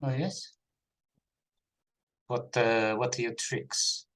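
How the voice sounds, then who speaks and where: Slow, hesitant man playing a game. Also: mid-range voice, fairly even intonation, fairly bright tone. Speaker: player. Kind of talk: casual tabletop chat.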